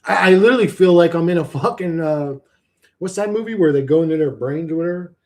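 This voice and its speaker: A man's voice: a little high, animated, quick pace, a little mellow. A man ranting on a livestream in a casual, rambling, sardonic way, swearing freely.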